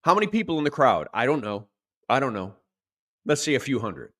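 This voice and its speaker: Male pastor, lively sermon delivery, mid-pitched voice, dramatizes quotes. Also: fairly quick. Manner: animated preaching, acts out shouted quotes.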